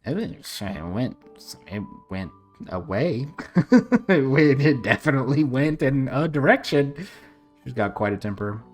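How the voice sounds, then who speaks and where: A streamer casually commenting on a game while reading its text aloud, blunt and quick to swear and laugh. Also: mid-range voice, very animated, soft background music. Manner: blunt, swears, laughs, reacts loudly to choices.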